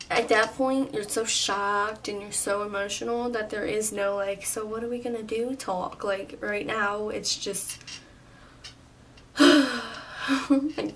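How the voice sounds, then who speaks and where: A young woman vlogger telling a personal story in a casual, chatty way, full of "like" and quick laughs. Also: medium pitch, a bit bright. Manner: chatty, lots of "like", laughs often. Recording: slightly distant, faint room noise.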